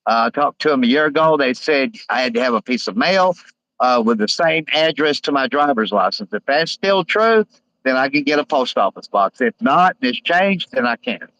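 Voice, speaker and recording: A man's voice: mid-range voice, lively intonation, a bit bright, no echo, highs cut off. Rambling man hosting a live stream. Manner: rambling, halting, many uh fillers. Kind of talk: casual live stream chat, reading comments aloud.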